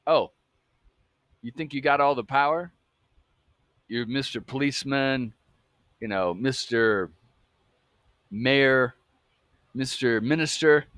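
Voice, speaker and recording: A man's voice: mid-range voice, slow, pauses often, fairly bright tone, clear, resonant tone, no room sound. A man voicing a bitter, threatening young man out for revenge. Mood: vengeful. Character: vengeful resentful young man lashing out.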